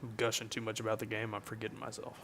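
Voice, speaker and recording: A man's voice: fairly low pitch, completely flat delivery, racing, fairly bright tone, slight background noise. Chatty young man streaming a game. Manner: chatty, jokey, reads chat aloud. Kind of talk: casual livestream chat while gaming.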